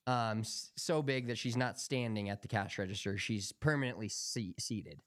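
A man's voice: fairly low pitch, moderate pace, slight background noise. A young man co-hosting a podcast, telling rambling, profanity-laced stories in casual chat. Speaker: podcast co-host.

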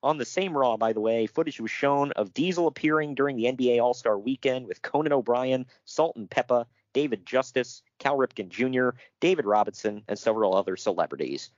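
A man's voice: medium pitch, a little fast, few pauses, no room sound, highs cut off. A man co-hosting a casual chat, reading out notes with jokes and frequent laughter. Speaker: podcast co-host.

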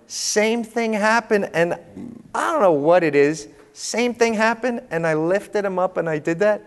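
A man telling humorous, animated parenting stories to an audience as a panel speaker. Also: high voice, normal speed, smooth. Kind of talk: storytelling talk to an audience. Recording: long hall reverb.

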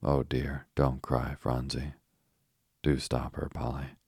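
A man reading the lines of an anxious, guilty little boy in an audiobook, with a very deep, husky, flat voice. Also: slow, no echo, studio quality, exaggerated voice. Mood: nervous. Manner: reads his lines in his own low, even voice.

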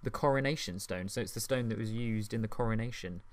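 A man co-hosting a casual podcast, chatty and quick to laugh, with the odd swear word. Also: fairly low pitch, no room sound. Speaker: podcast co-host. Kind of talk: casual chat.

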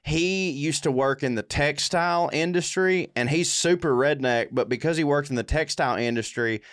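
A man's voice: medium pitch, fairly bright tone, clear, resonant tone. A man co-hosting a podcast, telling crude stories in casual banter and laughing easily. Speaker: podcast co-host.

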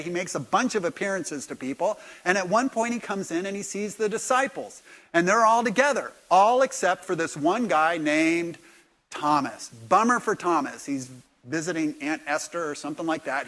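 Lively high-voiced male preacher. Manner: animated, acts out dialogue with sudden loud bursts. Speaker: pastor. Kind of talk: sermon. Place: church.

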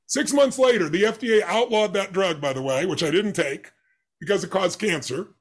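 A man's voice: sits high, moderate pace, slightly rough. A man who is an interview guest, telling a personal story with animation and acting out the dialogue with emphatic voices.

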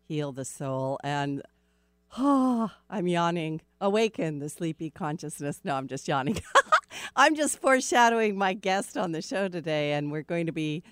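A woman's voice: low-pitched, expressive, moderate pace, smooth, no room sound, clean studio sound. A middle-aged woman hosting a radio show, chatting casually, laughing easily and rambling a little. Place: radio studio. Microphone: studio microphone.

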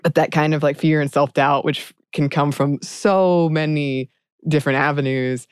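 Female podcast co-host, smooth resonant voice, dry close sound, earnest casual chat. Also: sits low, fairly even intonation, normal speed, no room sound.

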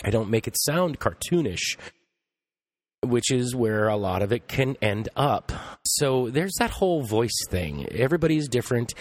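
A middle-aged man hosting a podcast, talking casually in a rambling monologue full of restarts and asides. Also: medium pitch. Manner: rambling, thinking aloud with frequent restarts. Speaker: podcast host.

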